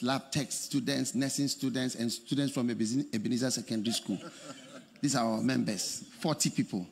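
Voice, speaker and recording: A man preaching a sermon as pastor, swinging between shouted, sung phrases and quiet storytelling. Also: medium pitch, husky, long reverb tail. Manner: animated preaching, shouting and laughing.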